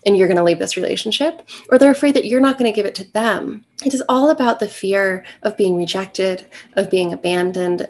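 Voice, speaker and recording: Woman, relationship coach, middle-aged, earnest, encouraging, talks straight to camera, medium pitch. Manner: warm, earnest and encouraging, speaking straight to the viewer. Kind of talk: direct-to-camera advice talk.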